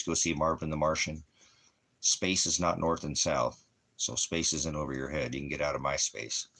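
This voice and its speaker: A man's voice: extremely low pitch, fairly even intonation, moderate pace, bright, forceful tone, husky. A man hosting an internet ministry channel, talking in a rambling online monologue that keeps drifting into jokes he laughs at himself.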